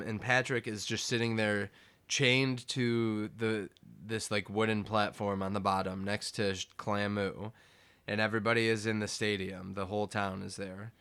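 Low-voiced man recapping a cartoon. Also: fairly bright tone, clean tone. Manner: retelling scenes with quoted lines. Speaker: podcast co-host. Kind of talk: casual episode recap.

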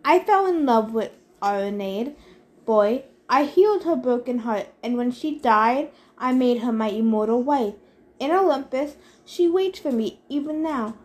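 A woman playing a haughty immortal, coldly sneering and weary of mortals. He lectures with scorn, his tone clipped and contemptuous. A storybook god with a high, bright voice from the reader. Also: animated, a little slow. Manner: sneering, disdainful. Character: sneering, bored male wine god, camp director.

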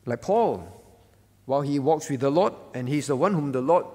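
Heard in a large hall, this man's a-little-high, darkish voice has lively intonation and a moderate pace. As a pastor at a church-hall prayer meeting, he preaches conversationally and keeps checking in with "all right?".

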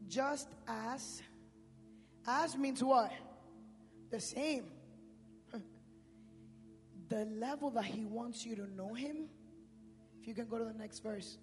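High-voiced preacher shouting in a reverberant hall. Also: male voice, slow, long pauses, over music. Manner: swings between shouting and hushed speech; street-slang preaching. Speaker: pastor. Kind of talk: sermon. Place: church sanctuary.

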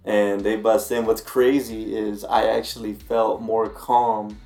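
A man telling a story in a casual podcast chat, calm and halting, with many restarts. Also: fairly low pitch, faint music behind. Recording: roomy, echoey room.

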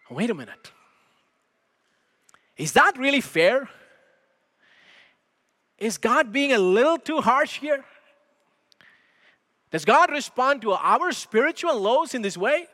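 A man preaching a sermon as pastor in a church, measured and emphatic, asking rhetorical questions. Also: extremely high pitch, sing-song, bright, forceful tone, big-room sound. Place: church sanctuary.

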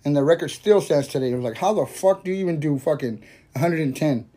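A young man with a mellow, dark-toned voice hosts a loose, casual podcast. He rambles from thought to thought, swears constantly and breaks into laughter often. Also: fairly high pitch, fast talker, husky. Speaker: podcast host. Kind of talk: casual stoner podcast chat.

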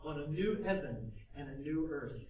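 Brief: male pastor, high voice, impassioned sermon, distant mic with a dull, muffled sound. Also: animated, normal speed, echoey room. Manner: impassioned, swings between soft asides and loud emphatic bursts.

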